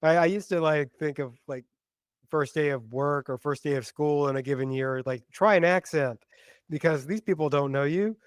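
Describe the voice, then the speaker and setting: A man in a relaxed podcast conversation who throws in deadpan one-liners. His voice sits fairly high for a man, and the recording is dry and close with no room echo. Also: moderate pace, clean tone. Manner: joking, deadpan quips. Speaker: podcast co-host. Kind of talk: casual podcast chat.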